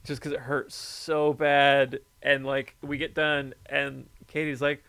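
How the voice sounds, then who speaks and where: A man chatting casually, telling a story with lively energy and plenty of swearing. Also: medium pitch, slow, vocal fry, smooth, no room sound. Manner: animated storyteller, swears freely. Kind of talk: casual chat.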